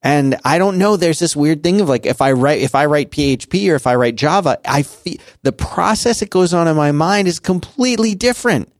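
A man's voice: fairly high pitch, animated, fairly quick, hardly any pauses, no echo, studio quality. A man in his forties chatting casually on a podcast, rambling with many restarts and fillers. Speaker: podcast co-host. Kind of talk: casual conversational chat.

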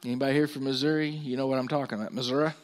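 A man's voice: level tone, racing. Man preaching, rising on scripture. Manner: preaching with rising emphasis on scripture, dropping low for asides. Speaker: pastor. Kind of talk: sermon.

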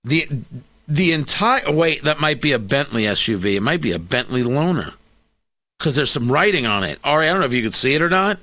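A man's voice: medium pitch, lively intonation, a little fast, bright, forceful tone. A man hosting a talk show, giving emphatic, opinionated political commentary that repeats points for effect and adds sarcastic asides.

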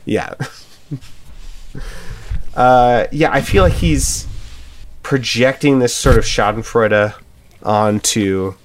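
A man's voice: medium pitch, very slow, long pauses, a little hiss or hum. A man co-hosting a podcast, talking through song lyrics in an earnest, thoughtful way, laughing often and saying "like" a lot. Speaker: podcast co-host. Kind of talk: casual chat about song lyrics.

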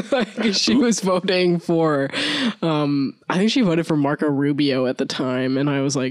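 Rambling young podcast host, dry sound. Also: male voice, on the high side, expressive, slow, no room sound. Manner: rambling, laughs often. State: recovering from illness. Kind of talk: casual chat.

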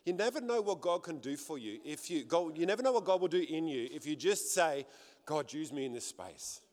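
Earnest Australian preacher, high voice. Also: male voice, lively intonation, fairly quick, a little mellow. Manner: earnest, conversational, repeats phrases for emphasis. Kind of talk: sermon with personal testimony. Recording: long hall reverb.

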